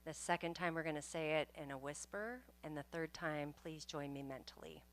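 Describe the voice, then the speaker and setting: A woman leading a spiritual service with a calm, soothing guided blessing and affirmation. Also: moderate pace. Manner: calm, soothing, invites deep breaths. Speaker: service leader giving the blessing. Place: spiritual center service room.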